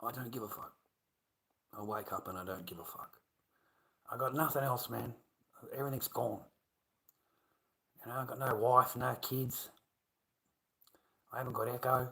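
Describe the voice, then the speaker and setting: An Australian man talking on a casual livestream, rambling, swearing freely and often trailing off into low mumbles. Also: fairly even intonation, normal speed, vocal fry, long pauses, fairly bright tone, low-quality recording.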